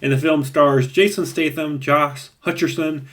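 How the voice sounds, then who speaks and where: A man's voice: fairly high pitch, fairly even intonation, measured pace, fairly bright tone. A man giving a casual, rambling spoken movie review with a chatty, laughing manner. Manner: rambling, chatty, laughs at his own points.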